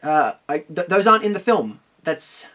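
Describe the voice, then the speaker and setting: A man's voice: high voice, sing-song, moderate pace, bright, forceful tone, a little hiss or hum. A man delivering scripted film review commentary in a sarcastic, mocking way.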